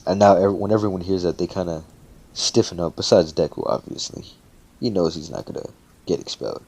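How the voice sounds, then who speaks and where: A man's voice: sits low, a little fast, mellow, slight background noise. A man casually telling a fan-fiction story, talking loosely with swearing and frequent fillers.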